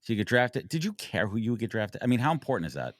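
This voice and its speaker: A man's voice: on the low side, very animated, fast, no room sound, studio quality. A man in his forties hosting a podcast, chatting casually and bluntly, swearing and cutting in often. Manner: blunt, profane, interjecting. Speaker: podcast host. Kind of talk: casual interview chat.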